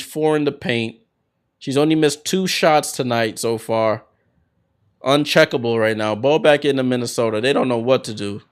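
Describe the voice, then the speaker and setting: A man calls a basketball game play by play for his watchalong viewers, his pitch sitting in an ordinary middle range. He talks like a fan rather than a neutral announcer and breaks into loud, excited bursts when a big play lands. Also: smooth. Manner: excited fan calling plays, bursts of hype. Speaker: watchalong host doing play-by-play.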